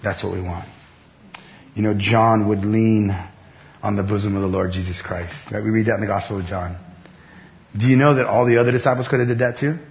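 A middle-aged man preaching a sermon as pastor, talking conversationally with bursts of excited emphasis. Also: lowish voice, fairly quick, long pauses. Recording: dull lo-fi sound with faint background noise.

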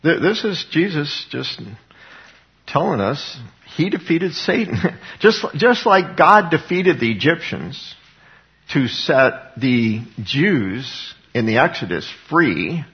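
A man's voice: a little high, big pitch swings, takes it slowly. Man preaching conversationally, dull lo-fi sound. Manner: conversational, voicing scripture quotes dramatically, chuckling often. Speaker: Bible teacher. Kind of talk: informal sermon. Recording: dull lo-fi recording.

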